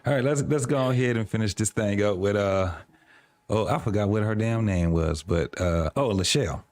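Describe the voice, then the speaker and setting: A man's voice: lowish voice, moderate pace, darkish tone, no echo. A man hosting a podcast in a laid-back casual chat, with loose, profane talk. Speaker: podcast host.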